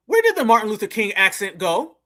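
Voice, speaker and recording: A man's voice: high-pitched, huge pitch swings, fairly quick, bright, forceful tone. A man giving blunt, sarcastic commentary to his viewers, calling them family. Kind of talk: casual commentary.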